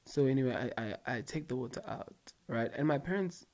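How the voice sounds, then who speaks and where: A man's voice: mid-range voice, lively intonation, brisk, a little mellow. A young man telling a casual storytime to his viewers, slangy and rambling, full of asides and fillers. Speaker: vlogger.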